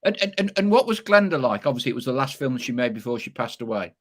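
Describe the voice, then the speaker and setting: A man's voice: mid-range voice, sing-song, quick pace. A man hosting a podcast interview, asking enthusiastic questions with stammering starts. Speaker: podcast host. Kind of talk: casual interview chat.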